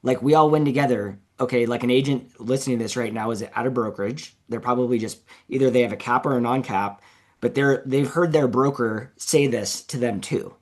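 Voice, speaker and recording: A man's voice: medium pitch, steady tone, fairly quick. A man hosting an interview show in a casual chatty way, leaning heavily on "like" as he talks. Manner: casual, fills speech with "like". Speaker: show host.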